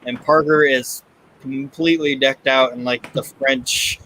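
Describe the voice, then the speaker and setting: Male podcast co-host, bright tone, loose chatty delivery. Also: mid-range voice, steady tone, measured pace, a little hiss or hum, low-quality recording. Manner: swears freely, laughs often. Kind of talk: casual chat recapping wrestling.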